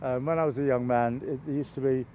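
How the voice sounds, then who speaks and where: An older man vlogging on an outdoor walk, chatty and meandering, with bursts of excitement. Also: mid-range voice, fairly quick. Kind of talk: rambling walking vlog. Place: outdoors near a railway. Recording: dull lo-fi outdoor recording with traffic noise.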